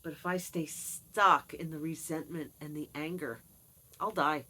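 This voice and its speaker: A woman in her fifties with a somewhat low voice speaks candidly and earnestly to her vlog audience. She drops in dry, wry asides between heavier thoughts. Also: steady tone, unhurried, sharp tone, low-quality recording. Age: 50s. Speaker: vlogger. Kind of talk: personal confessional vlog.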